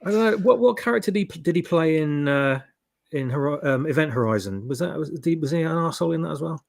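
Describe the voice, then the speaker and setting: A man's voice: on the high side, lively intonation, fast talker, vocal fry, a little mellow. A man, an easygoing panel guest chatting casually about old films. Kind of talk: casual live-stream chat.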